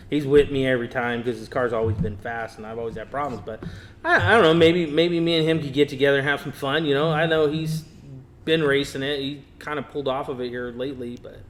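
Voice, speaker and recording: A man, guest on a podcast, casually telling a lively story and acting out quotes. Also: mid-range voice. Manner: animated storyteller, acts out quotes. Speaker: guest, race car builder. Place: podcast studio.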